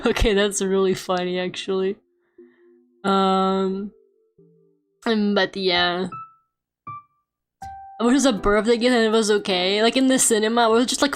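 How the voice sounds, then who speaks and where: A young woman streamer chatting casually and playfully while she draws, with lots of fillers and joking rants. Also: medium pitch. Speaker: streamer and artist. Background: quiet game music playing.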